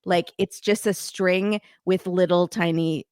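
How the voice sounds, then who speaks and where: A woman's voice: on the low side, fairly even intonation, a little slow, a little mellow, clear, resonant tone, no room sound, studio quality. A woman hosting a podcast, chatting casually and sarcastically as she recaps a reality show, laughing often. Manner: sarcastic, laughing, quotes people in put-on voices. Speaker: podcast host.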